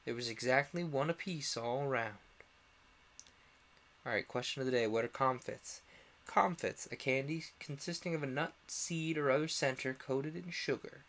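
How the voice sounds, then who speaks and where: A man's voice: mid-range voice, a little slow, pauses often, a bit bright. A young man casually reading a storybook aloud on a stream, with small slips and restarts along the way.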